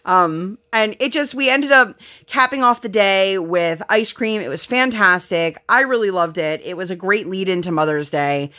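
A mother and vlogger in her thirties chats casually while crafting, her mid-range voice moving at a normal speed. She tells rambling stories full of fillers and closes with a bright sign-off.

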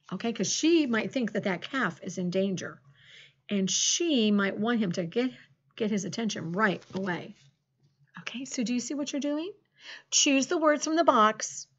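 A middle-aged woman teaching a phonics lesson to second graders, encouraging and sing-song, drawing words out slowly. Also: mid-range voice, fairly bright tone. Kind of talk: phonics lesson for young children. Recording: dull lo-fi classroom recording.

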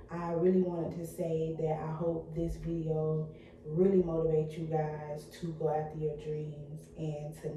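A young woman vlogging to her viewers in an excited, chatty, motivational way. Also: low voice, very echoey, distant mic, slight background noise. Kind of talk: casual vlog talk to viewers.

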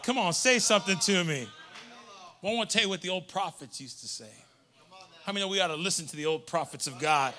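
A man preaching a sermon in a church, calling out to the congregation and building from quiet to shouting. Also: high voice, a little fast. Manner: call-and-response preaching, swelling to shouts. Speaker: pastor. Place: church sanctuary.

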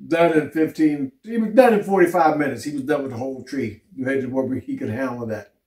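A man's voice: mid-range voice, a little fast. A man co-hosting a vlog, chatting casually and acting out the people in his stories. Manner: animated, acts out quoted people. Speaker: vlog co-host. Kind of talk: casual storytelling chat. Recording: echoey room, mic at a distance, faint noise.

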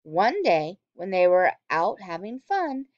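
A woman teacher reads a storybook aloud, her voice swooping up and down with lively expression. She keeps pausing to ask her young listeners questions. The sound is dull and dry, as if recorded close with a plain mic. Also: on the low side, no room sound.

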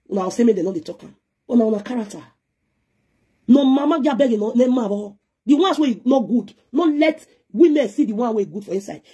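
Nigerian pidgin woman ranting on a live stream, talks quick, a bit husky, scolding and preachy. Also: medium pitch, mellow. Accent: Nigerian Pidgin English. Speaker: live video presenter. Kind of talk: heated live-stream rant.

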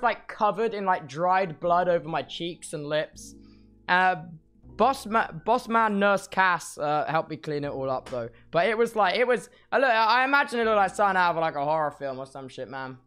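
A man's voice: high-pitched, a bit bright, smooth. Groggy young man rambling after surgery. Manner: rambling, slangy, many restarts. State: groggy after surgery, speech slightly impaired. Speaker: streamer. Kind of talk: casual chat reading viewer messages.

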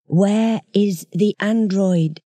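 Soft cottony alien rat king done by a reader, slow, menacing, storybook tale, mellow tone, dry sound. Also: mid-range voice, no echo, voice pushed up. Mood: probing. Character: soft-voiced ancient rat-like alien ruler, cold. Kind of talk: storybook audiobook acting.

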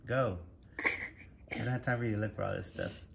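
A woman with a very low voice talks from behind her phone camera while filming at home. She directs and hurries things along in a bossy, casual way. The home recording carries a clear layer of background hiss. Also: fairly quick. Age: adult. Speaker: parent filming kids' toy battle. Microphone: phone camera held by the speaker.

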